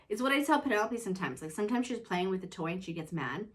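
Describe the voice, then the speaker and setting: An earnest woman in casual, reflective conversation, sharing her thoughts on motherhood. She talks in a loose, unscripted way, sometimes quiet and sometimes lively, and keeps checking in with the listener. Her pitch sits in an ordinary middle range. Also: fast, hardly any pauses. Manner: conversational, earnest, self-reflective, leans on "you know". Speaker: mother and show host.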